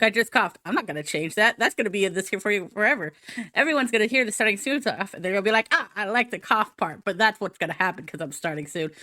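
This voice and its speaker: Bright, playful young woman streamer. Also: mid-range voice, no echo. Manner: playful, silly, sing-song repetition; chats directly to viewers in chat. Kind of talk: casual live-stream chat. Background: faint background music.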